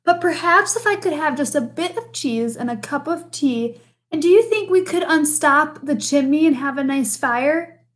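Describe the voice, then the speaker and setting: A woman voicing a small, polite male mouse who speaks softly and genteelly. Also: high voice, expressive, moderate pace, voice pushed up. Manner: polite, soft-spoken and genteel.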